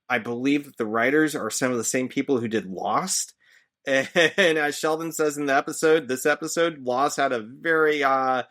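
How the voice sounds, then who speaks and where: An easygoing man hosting a podcast, talking through a recap in a relaxed, chatty way. His voice sits at an ordinary middle pitch for a man, and he chuckles easily as he goes. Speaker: podcast host; teacher. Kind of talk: casual recap chat.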